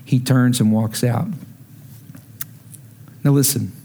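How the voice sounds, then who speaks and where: A man preaching a sermon as pastor, telling a story and acting out the dialogue, rising to shouts when heated. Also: medium pitch, steady tone, takes it slowly, slight background noise.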